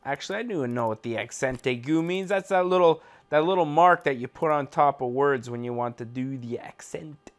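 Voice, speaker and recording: A young Canadian gaming channel host with a mid-range voice speaks briskly, barely pausing. Working from a home setup, he delivers casual, joking commentary on gameplay, laid-back and rambling with lots of fillers.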